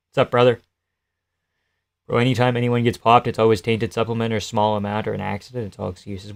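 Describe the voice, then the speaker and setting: A man's voice: lowish voice, brisk. Joking, foul-mouthed male streamer. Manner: joking, swears freely, reads and answers chat. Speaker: live streamer. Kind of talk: casual live-stream fight commentary.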